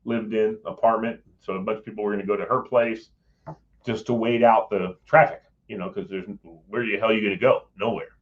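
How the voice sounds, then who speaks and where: A middle-aged man, a guest, recounts a personal story in casual conversation, his lowish voice moving briskly. He animatedly acts out what people said and chuckles mid-sentence. The audio is narrow and tinny.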